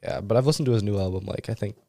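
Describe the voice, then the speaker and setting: A man's voice: fairly low pitch, rapid-fire, creaky, warm tone, dry recording. A teenage boy, a student runner, giving laid-back answers on a podcast with many ums. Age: teens. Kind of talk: casual interview answers.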